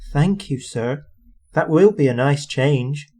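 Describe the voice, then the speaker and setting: A man playing a gentle, timid little storybook engine, eager to please. The voice sits well above his own, soft and meek. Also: fairly high pitch, expressive, slow. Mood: grateful.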